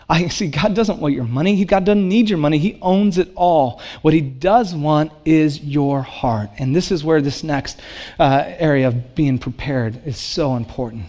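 Guy giving a sermon, pretty high voice, chatty storytelling pastor. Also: moderate pace, warm tone. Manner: storytelling, conversational.

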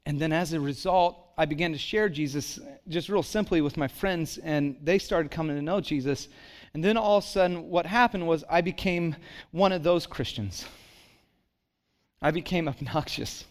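A middle-aged male pastor preaching a sermon, telling lively personal stories and acting out the voices of people in them. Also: fairly high pitch, normal speed. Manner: animated storyteller, acts out quoted voices.

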